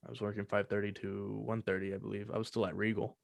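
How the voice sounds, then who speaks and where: Gravelly young man telling a story. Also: lowish voice, little pitch movement, fast talker, no echo, studio quality. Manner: loose and profane, many fillers. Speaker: podcast host. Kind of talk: casual storytelling chat.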